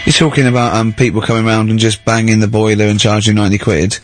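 A man's voice: fairly low pitch, flat delivery, fast, over music. A man in casual radio chat in a studio, telling anecdotes and acting out the people in them. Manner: anecdotal storytelling with quoted voices. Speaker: radio co-host.

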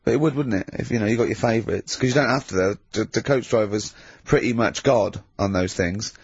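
A man's voice: on the low side, brisk, husky, dry recording. A man in casual chat, talking in a chatty, knowing way and repeating himself. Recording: dry lo-fi recording.

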